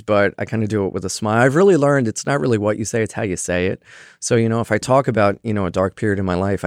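A man's voice: lowish voice, darkish tone, no echo, clean studio sound. A young man, a stand-up comedian, chatting loosely in an interview, with many fillers and casual swearing. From Philadelphia area.

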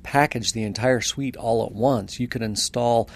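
A man co-hosting a podcast, asking measured follow-up questions. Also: medium pitch, steady tone. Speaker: podcast co-host. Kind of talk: interview questions.

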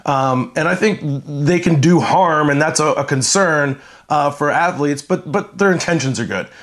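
A man talking through college sports business in a measured, explanatory way, with frequent fillers and restarts. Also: fairly high pitch, a bit bright. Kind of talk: conversational sports talk.

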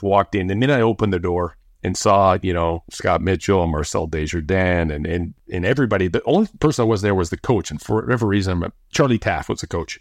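Man, middle-aged, from Canada, interview guest, deep voice, dry close sound, animated storyteller. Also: no room sound. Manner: animated, acts out quoted voices when recounting. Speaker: former pro football player, interview guest.

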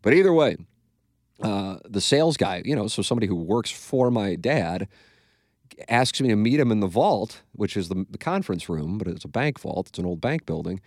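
A middle-aged man with a low voice tells profane, self-mocking stories as host of a casual podcast. The sound is dry and close, with no room around it. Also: big pitch swings, normal speed, darkish tone, no echo. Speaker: radio show host.

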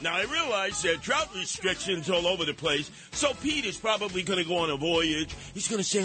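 An older man hosts talk radio, brash and sarcastic, slipping into mocking voices. His voice sits high for a man and rings bright and forceful. Light music plays under him. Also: animated, fairly quick, few pauses. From New York. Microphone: studio microphone.

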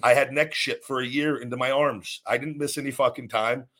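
A man's voice: medium pitch, fairly even intonation, fairly quick, bright, forceful tone. A man hosting his own podcast, delivering a blunt, profanity-heavy rant with frequent restarts and repetition. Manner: repeats himself and restarts sentences. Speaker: podcast host.

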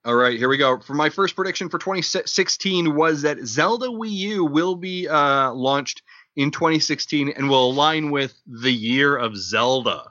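Bright-voiced playful male podcast co-host. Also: a little high, normal speed, no echo. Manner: playful storyteller, reads sponsor plugs. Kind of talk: casual podcast chat. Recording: dull lo-fi podcast audio.

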